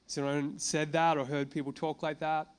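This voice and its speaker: Smooth-voiced man preaching a sermon. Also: fairly high pitch, level tone, moderate pace. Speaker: pastor. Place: church gathering addressing a congregation.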